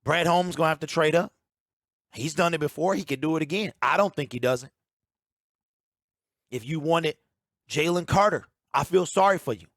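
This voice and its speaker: Emphatic man, sports commentary, ranting tone, somewhat high voice, dry close sound. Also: moderate pace, long pauses, fairly bright tone, dry recording. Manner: emphatic, ranting, repeats key points. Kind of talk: opinionated sports talk.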